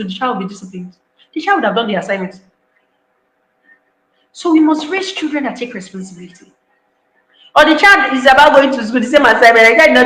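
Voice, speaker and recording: A woman's voice: high-pitched, sharp tone, roomy sound, low-quality recording. A woman giving an online parenting talk, emphatic, repeating key lines and acting out parents' voices. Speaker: parenting speaker.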